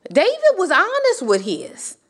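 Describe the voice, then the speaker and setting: Lady preacher, slow and drawn out, big swoopy pitch, gets fired up. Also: wildly swooping pitch, a bit bright. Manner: impassioned, climbing to near cries; conversational preaching with rhetorical questions. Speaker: Bible teacher. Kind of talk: sermon.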